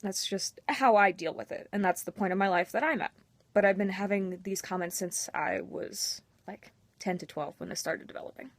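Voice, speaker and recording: A woman's voice: medium pitch, moderate pace, no echo. A young woman talking candidly and emotionally to her camera in a personal vlog, with a self-mocking edge. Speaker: vlogger.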